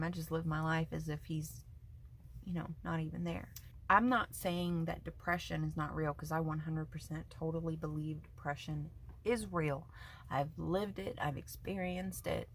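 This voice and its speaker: A woman's voice: on the low side, a little hiss or hum. A woman vlogger giving an earnest, emotional personal faith testimony, speaking in a tender, confiding way. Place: front porch at home.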